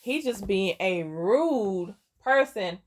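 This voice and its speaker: A woman's voice: mid-range voice, animated, slow. A young woman casually recapping a story game, rambling with lots of fillers and restarts, and often laughing in amusement. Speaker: gaming content creator.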